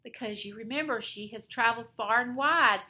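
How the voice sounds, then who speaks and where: Woman playing storybook aunt: calm, reassuring, bright and lively. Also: fairly high pitch, brisk.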